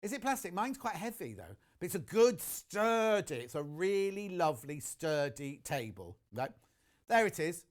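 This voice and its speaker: A man hosts a live shopping demonstration from a TV studio, chatting eagerly to the viewers at home. His voice sits a little high and swoops up and down with lively intonation. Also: moderate pace. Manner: chatty, enthusiastic, talks straight to viewers. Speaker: shopping channel presenter.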